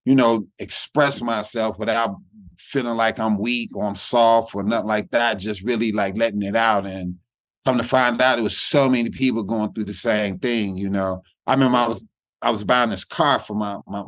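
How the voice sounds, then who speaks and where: A middle-aged man tells a story in a relaxed interview. He talks loosely and repeats himself as he searches for words. His voice sounds dry and close, with no room around it. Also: fairly low pitch, normal speed, no room sound. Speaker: guest comedian. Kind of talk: reflective interview talk.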